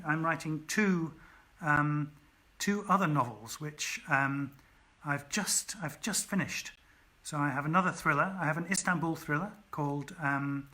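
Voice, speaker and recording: A man with a slightly high, sharp-toned voice reads his own story on a home livestream during lockdown. Then he shifts into casual, chatty conversation with viewers, using many ums and thanking them by name.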